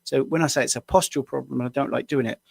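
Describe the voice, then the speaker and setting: A man's voice: medium pitch, fairly even intonation, fast talker, gravelly, husky, no room sound, studio quality. A man from the UK, a health coach, answering viewer questions on a live stream in a casual, rambling way with small self-deprecating laughs, tired after a long day at the screen. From United Kingdom.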